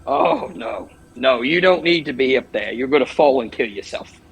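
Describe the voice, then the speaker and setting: A man voicing a jumpy, cranky male adventurer who yells and curses. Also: mid-range voice, sing-song, normal speed, creaky, slightly rough, full character voice, low-quality recording. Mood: irritable. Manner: yelling, irritable, cursing.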